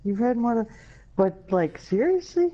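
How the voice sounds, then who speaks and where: A woman's voice: fairly high pitch, sing-song, unhurried, highs cut off. A woman co-hosting a casual podcast chat, teasing and incredulous, rattling off long lists.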